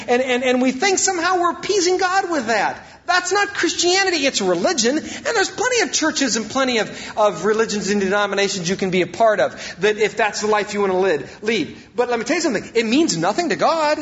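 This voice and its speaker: A man's voice: very high-pitched, a bit bright, highs cut off. A male pastor preaching a sermon, emphatic and repeating his key phrases.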